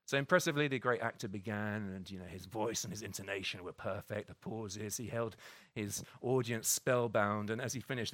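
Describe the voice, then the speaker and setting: A man delivers a sermon in a loose, conversational manner, often restarting phrases and tossing in tag questions. His voice sits at an ordinary middle pitch. The recording is dry and close, with little room sound. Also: fairly bright tone, no room sound. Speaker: pastor.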